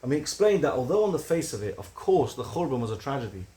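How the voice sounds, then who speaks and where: A man giving a recorded religious lecture, earnest and building to animated emphasis on key points. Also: medium pitch, fast. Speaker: Torah teacher.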